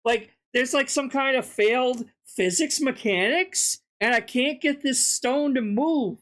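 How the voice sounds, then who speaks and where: A woman giving an indignant, profane reaction commentary, her throat sore from yelling. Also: sits high, a little slow. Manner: profane, indignant, laughing ranting.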